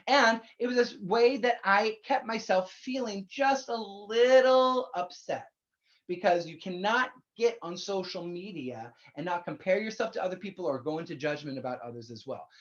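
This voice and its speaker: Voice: medium pitch, normal speed, dull audio. A minister giving a sermon in a candid, conversational way, speaking straight to the listeners and swearing casually. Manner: conversational, addresses listeners directly.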